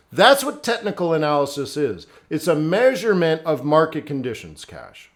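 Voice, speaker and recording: A middle-aged man hosting a live trading stream, talking bluntly and conversationally as he answers viewers by name. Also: a little high. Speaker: forex trading livestream host.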